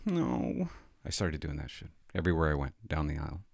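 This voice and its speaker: A man's voice: extremely low pitch, huge pitch swings, a little fast, creaky, darkish tone, no echo, studio quality. A middle-aged man telling a rambling, self-mocking comic story to his vlog audience. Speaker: vlogger.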